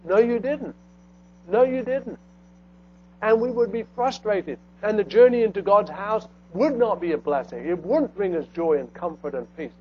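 A man preaching a sermon, swinging between loud emphatic lines and hushed low phrases. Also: animated, normal speed, few pauses. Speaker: pastor. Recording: dull lo-fi sound with faint mains hum.

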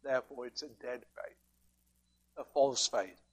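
A man's voice: medium pitch, measured pace, slightly rough. A man preaching a sermon, emphatic and fond of rhetorical questions as he works through scripture.

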